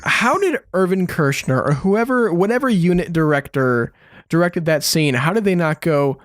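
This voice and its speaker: A man's voice: on the high side, animated, moderate pace, no room sound, studio quality. A man hosting a podcast in casual chat, enthusiastic and laughing as he tells stories. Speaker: podcast host.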